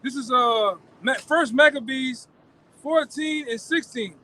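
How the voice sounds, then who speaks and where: High-pitched man reading scripture slowly. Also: sharp tone, rough recording. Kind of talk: reading scripture and casual discussion.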